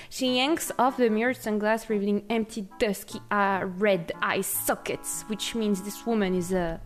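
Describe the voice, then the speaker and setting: A woman streaming a game, reading its text aloud and breaking into giggly, excited outbursts. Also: mid-range voice, normal speed, few pauses, faint music behind. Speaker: VTuber streamer.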